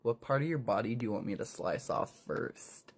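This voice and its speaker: A storyteller voicing a menacing male villain who taunts his captive in a low, breathy voice with sudden quick jabs. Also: animated. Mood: taunting.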